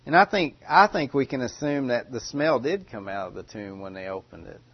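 A man preaching a sermon in a dramatic way, with loud cries and long hushed pauses. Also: mid-range voice, expressive, husky, highs cut off.

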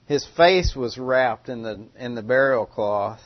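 Man preaching with dramatic hush. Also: medium pitch, animated, dry recording, highs cut off. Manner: dramatic, with loud cries and hushed pauses. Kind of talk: sermon.

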